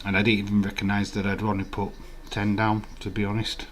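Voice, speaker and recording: A man's voice: lowish voice, monotone, fairly quick. A man hosting a live watch-along stream, rambling in casual, profane banter with his chat.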